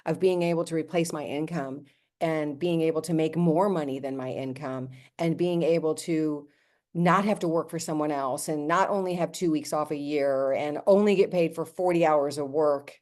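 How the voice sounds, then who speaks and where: A woman in her fifties, a network marketing team leader, telling her story in a chatty, animated way on a team call, acting out quotes and talking straight to her listeners. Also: deep voice, moderate pace.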